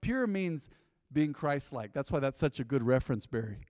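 Pastor guy preaching, kinda high voice, folksy and chatty, long church hall echo. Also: animated, a little fast, darkish tone, studio quality. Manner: folksy, conversational preaching with quoted asides. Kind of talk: sermon. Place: church sanctuary.

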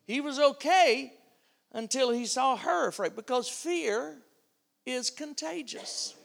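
Slow, high-voiced older male preacher. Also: creaky. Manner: animated storyteller acting out voices. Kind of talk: sermon storytelling.

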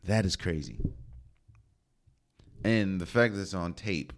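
A man's voice: sits low, takes it slowly, slight background noise. A young man hosting a solo sports podcast, talking in a casual, slangy, opinionated way. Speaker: podcast host.

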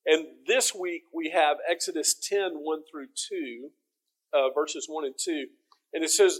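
Texan man, middle-aged, slightly high voice, folksy conversational sermon, repeats his words as he goes. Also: a little slow. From Texas. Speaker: teacher.

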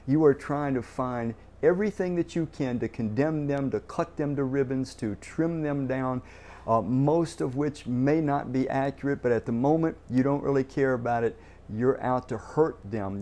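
Guy preaching a sermon, warm mellow voice, earnest, keeps asking the listeners questions and repeating himself. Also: mid-range voice. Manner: earnest, repeats words while building a point, asks the listeners questions. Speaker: pastor.

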